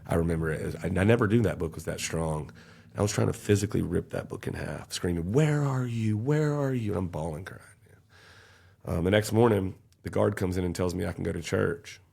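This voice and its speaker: A man's voice: deep voice, a little fast, creaky, a little mellow, breathy edge. A man, telling an intense, emotional personal story as a podcast guest. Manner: intense, emotional storytelling, raising his voice at peaks.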